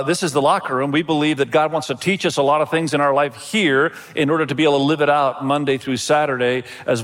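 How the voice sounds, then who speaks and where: A man's voice: fairly high pitch, a bit bright. A male pastor giving a sermon in a friendly, conversational storytelling manner. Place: church auditorium. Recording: long reverb of a large hall.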